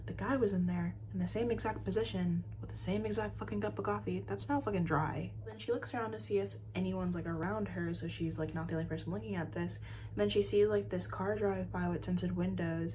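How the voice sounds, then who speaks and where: A woman recapping an episode in a casual chat, swearing often and filling pauses with "um" and "like". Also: mid-range voice, mellow, slight background noise. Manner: chatty, swears often, many fillers. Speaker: podcast reviewer.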